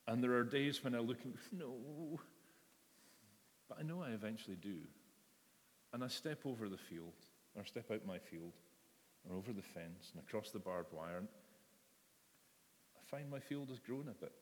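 A man's voice: on the low side, expressive, moderate pace, pauses often, a little hiss or hum. A man preaching a sermon in a church, talking in a conversational way and acting out the voices in the story. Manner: conversational, acts out voices in quotes. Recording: long reverb of a large hall.

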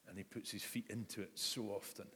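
A man's voice: lowish voice, fairly even intonation, brisk, a bit bright, a little hiss or hum. A man preaching a reflective sermon, retelling a story and inviting his listeners to picture it. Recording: echoey hall reverb.

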